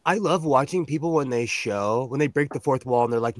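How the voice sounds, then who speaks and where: A man's voice: mid-range voice, fairly quick, few pauses. A man in his thirties chatting casually as co-host, rambling, joking at his own expense and laughing often. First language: English. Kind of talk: casual chat.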